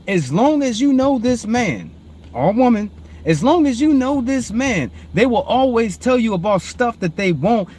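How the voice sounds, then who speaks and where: A man, hosting and preaching informally on proverbs, repeatedly calling listeners "family", swinging between low murmured reading and loud emphatic preaching. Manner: repetitive, calls listeners "family". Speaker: host.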